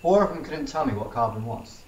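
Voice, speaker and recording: A man's voice: medium pitch, a little fast, lo-fi sound, slight background noise. Man telling a story, roomy and distant. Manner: animated storytelling, acts out quoted people. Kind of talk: casual chat. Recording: roomy, distant mic with faint ambience.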